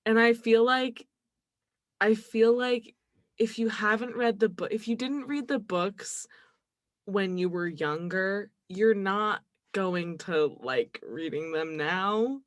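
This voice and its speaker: A woman's voice: medium pitch, slow pace, no room sound, clean studio sound. A young woman co-hosting a casual podcast, talking animatedly, laughing often and acting out quotes. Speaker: podcast co-host. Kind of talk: casual chat.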